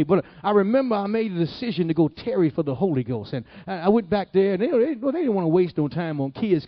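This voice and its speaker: A man from the Detroit area preaching, telling his testimony in an animated, folksy way. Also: sits high, dry recording. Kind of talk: sermon testimony storytelling. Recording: dull lo-fi, dry sound.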